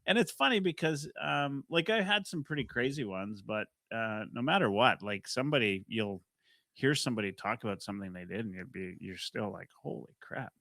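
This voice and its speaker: A man from Canada who is a podcast guest in casual chat, easygoing and quick to laugh along. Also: fairly low pitch, bright, forceful tone, dry recording, clean studio sound.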